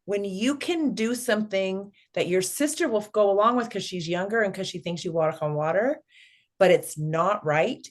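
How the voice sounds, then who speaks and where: A middle-aged woman in an interview, telling a long personal story with lively energy. She slips into the voices of the people she describes, speaking at a middle pitch for a woman. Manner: animated storyteller, acts out family dialogue. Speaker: guest.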